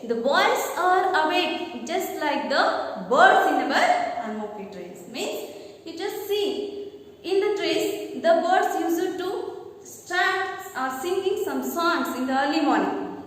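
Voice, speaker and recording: A woman teaching a lesson. She reads a textbook passage aloud and explains it line by line, often asking "okay?". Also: very high voice. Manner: reads the text aloud, then explains it with frequent "okay?" and "means". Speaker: English teacher. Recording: very echoey room, voice far from the mic.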